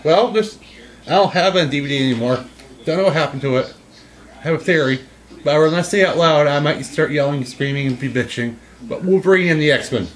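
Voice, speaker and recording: A man in casual chat as a co-host, talking in a rambling, halting way with frequent restarts. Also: fairly high pitch.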